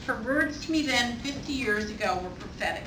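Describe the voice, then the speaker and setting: An older woman giving a heartfelt, measured anniversary toast as maid of honor, reading prepared remarks at a party. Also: fairly high pitch, expressive. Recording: echoey distant room, background noise.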